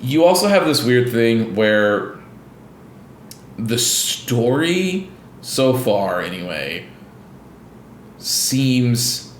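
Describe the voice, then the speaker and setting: Man, casual podcast co-host, rambling, animated retellings, echoey room. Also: medium pitch, very slow, long pauses, a little hiss or hum. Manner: rambling, many restarts and fillers, animated retellings. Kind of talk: casual gaming podcast chat.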